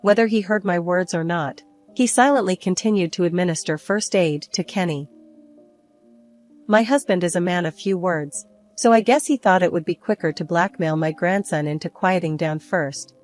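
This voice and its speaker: An older woman calmly narrating a story in the first person. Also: fairly low pitch, normal speed, faint music behind. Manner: calm, even storytelling. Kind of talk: scripted narration.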